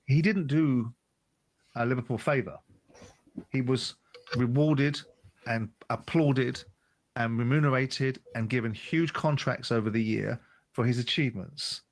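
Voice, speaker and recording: A male radio pundit argues his point with emphasis, building it step by step. His voice sits at an ordinary middle pitch. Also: a little slow. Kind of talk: opinionated radio commentary.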